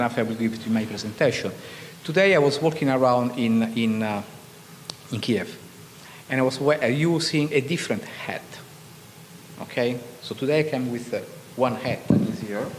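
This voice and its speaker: Italian-accented man lecturing in a hall. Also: mid-range voice. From Italy. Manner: halting, full of restarts and repeated "okay?" checks. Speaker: photographer and scholar giving an artist talk. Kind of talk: informal lecture to an audience. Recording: distant hall reverb with faint background noise.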